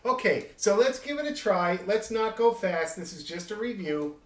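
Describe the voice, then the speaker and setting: A man's voice: high voice, animated, normal speed. A man leading an online music rehearsal, chatting casually and telling rambling, joking stories. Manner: rambling storyteller, friendly and joking. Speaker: orchestra leader. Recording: echoey room.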